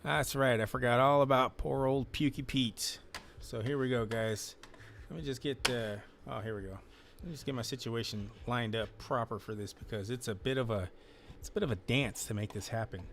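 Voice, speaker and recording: A man's voice: mid-range voice, normal speed, vocal fry, fairly bright tone, slight background noise. A man hosting a casual live stream, joking loosely and reading out viewer comments.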